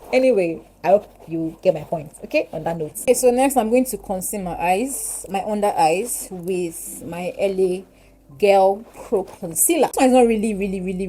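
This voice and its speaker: A woman in her twenties with a Nigerian English accent, chatting while doing her makeup, animated and giggly. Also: lowish voice, low-quality recording. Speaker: beauty vlogger. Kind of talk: casual get-ready-with-me chat.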